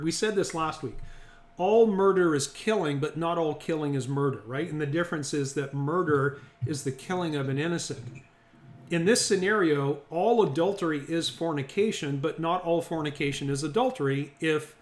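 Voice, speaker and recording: A man teaching a Bible study group, reasoning through the text aloud and often checking that the group is following. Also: on the high side. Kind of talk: interactive Bible lesson. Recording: echoey room.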